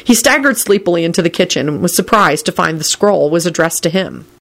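A woman narrating a story aloud in a calm, measured way. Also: lowish voice, creaky. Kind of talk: storybook reading.

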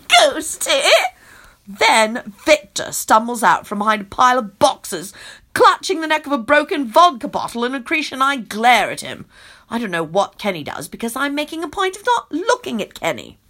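A woman's voice: fairly high pitch, sing-song, normal speed, bright, forceful tone. A woman narrating an audiobook in first person, exasperated, sarcastic and sweary.

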